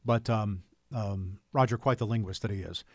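A man with a Southern US accent co-hosting a talk show, speaking in a measured, hesitant way. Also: lowish voice, no echo, clean studio sound. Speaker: radio co-host. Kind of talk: casual talk radio chat.

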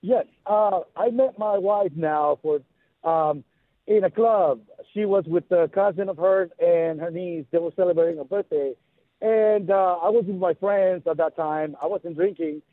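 A man calling in to a radio show, telling his story in an earnest, halting way. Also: high-pitched, no echo. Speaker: caller. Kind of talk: phone-in storytelling. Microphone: telephone. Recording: tinny phone line with faint music.

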